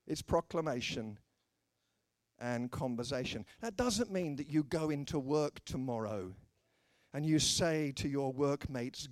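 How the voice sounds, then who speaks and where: A man's voice: medium pitch, lively intonation, measured pace, no room sound. British preacher guy, dry self-mocking jokes, voice all over the place when he acts out his stories, close dry mic. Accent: British English. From Britain. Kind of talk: humorous sermon with acted anecdotes.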